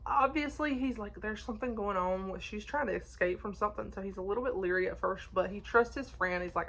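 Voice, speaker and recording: A woman's voice: medium pitch, brisk, creaky, few pauses, fairly bright tone. A woman chatting casually about books she read, talking in a rambling way with many restarts and small laughs. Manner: chatty, frequent restarts and fillers, laughs often. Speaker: book reviewer. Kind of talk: casual book review chat.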